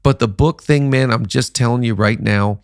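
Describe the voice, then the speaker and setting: A middle-aged man hosts a podcast in loose, animated conversation, joking as he goes. His voice has a gravelly, fry-tinged edge. The sound is dry and close, with no room around it. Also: mid-range voice, normal speed, no echo. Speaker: podcast host. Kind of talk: casual chat.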